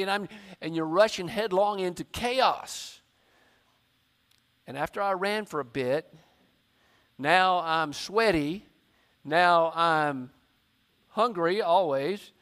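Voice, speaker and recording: A man preaches to his church. He tells a story from his own life and acts out his inner voice in the quoted lines, rising loud and high and then dropping low. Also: takes it slowly. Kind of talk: sermon.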